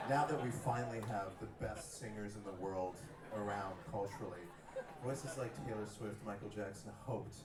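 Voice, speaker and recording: A man's voice: fairly low pitch, heavy background noise. A man doing live stage banter with a crowd in a playful, absurd, mock-serious way. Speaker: comedian-musician on stage. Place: concert stage before an audience. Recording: echoey live venue, far mic, loud crowd.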